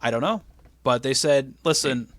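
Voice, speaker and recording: A man co-hosting a casual chat show, animated and acting out quotes in playful voices. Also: medium pitch, normal speed, no room sound. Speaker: podcast co-host recapping wrestling.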